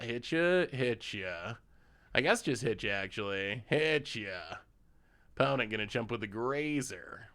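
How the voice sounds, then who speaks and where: A man streams a card game and narrates every move as it happens. His pitch rises and falls a lot, but his pace stays slow and deliberate. He thinks out loud and reacts to each play. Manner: reactive, thinks aloud, thanks subscribers. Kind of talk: live gameplay commentary.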